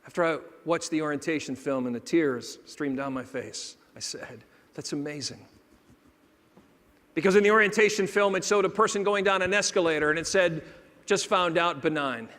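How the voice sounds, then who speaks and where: Male keynote speaker, high register, theatrical storyteller, hall reverb. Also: normal speed. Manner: dramatic shifts between hushed and loud, acting out dialogue. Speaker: motivational speaker.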